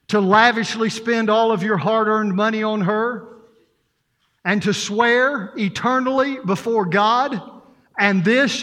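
Man voicing a stern wedding preacher, slow and solemn in a reverberant church. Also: high-pitched, a bit bright. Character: stern middle-aged male preacher at a wedding.

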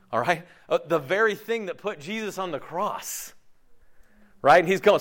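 A male pastor preaches a sermon conversationally, sprinkling in rhetorical questions and acting out the voices he quotes. His voice is on the high side, expressive and fairly bright, at a moderate pace.

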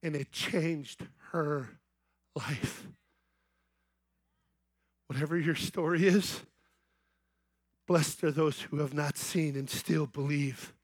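High-voiced man preaching a lively story. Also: takes it slowly, long pauses, no echo. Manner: storytelling, building to excited shouting. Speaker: festival speaker. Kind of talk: evangelistic youth sermon. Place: large outdoor festival main stage.

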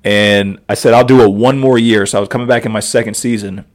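A man in his thirties, a podcast guest telling stories in an animated way and laughing often. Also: on the low side, fast. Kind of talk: casual storytelling.

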